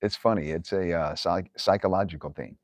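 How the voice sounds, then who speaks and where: A man's voice: low voice, a little fast, no echo. A man hosting a live viewer Q&A, telling stories bluntly with lots of swearing and laughs. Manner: blunt, profane, laughs often, quotes himself angrily. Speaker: livestream host answering viewer questions. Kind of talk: profane casual live Q&A storytelling.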